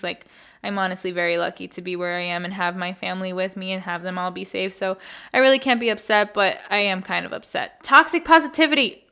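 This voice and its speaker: Bright-voiced young woman podcaster, chatty. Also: medium pitch, clear, resonant tone. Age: 20s. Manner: candid, chatty, swears freely. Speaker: podcast host. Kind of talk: casual storytelling monologue.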